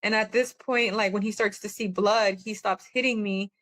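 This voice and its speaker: A woman's voice: mid-range voice, fairly even intonation, moderate pace, a bit bright. A woman guest on a podcast, telling a personal testimony in a candid, plainspoken way.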